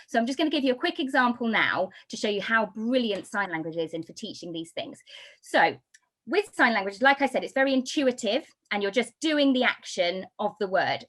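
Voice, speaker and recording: A woman from the United Kingdom giving a talk on baby sign language, explaining with lively, sing-song emphasis. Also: medium pitch. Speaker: baby signing instructor. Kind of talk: talk to an audience.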